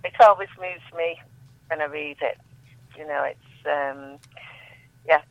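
A woman recites her own poems in a steady, measured way, letting her line endings fall softly. She comes through a thin, tinny telephone line. There is no room sound around her at all. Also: low voice, vocal fry, dry recording. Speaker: guest poet.

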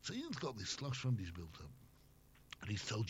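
A man's voice: lowish voice, huge pitch swings, moderate pace, long pauses. An older man, a former radio host, chatting as an interview guest and telling rambling anecdotes. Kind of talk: casual chat. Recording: slightly muffled with faint noise.

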